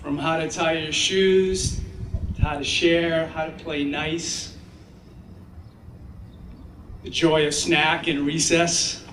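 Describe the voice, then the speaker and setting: A man giving a graduation speech as the guest speaker, telling stories in an animated way and acting out the children's voices. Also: on the high side, slow pace, long pauses, slight background noise. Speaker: commencement speaker. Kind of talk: ceremonial speech with storytelling. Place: graduation ceremony. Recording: echoey sound from far off.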